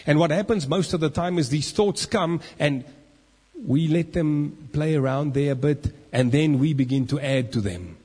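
A man's voice: a little high, normal speed, breathy edge. A man preaching a sermon, acting out the inner voices of the people he talks about. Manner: animated, acts out inner voices. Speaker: pastor. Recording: long reverb of a church hall.

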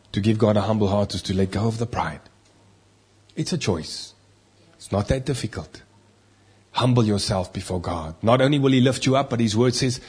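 A man preaching a sermon, emphatic, swinging between loud stressed lines and quiet asides. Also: fairly low pitch, slightly rough. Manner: emphatic, rising and dropping loudness for stress.

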